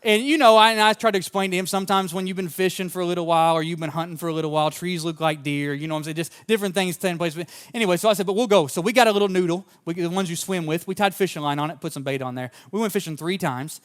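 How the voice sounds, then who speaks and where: Male pastor, slightly high voice, sermon with homespun storytelling. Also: rapid-fire, few pauses, clear, resonant tone. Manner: fervent at the open, then relaxed anecdotal storytelling.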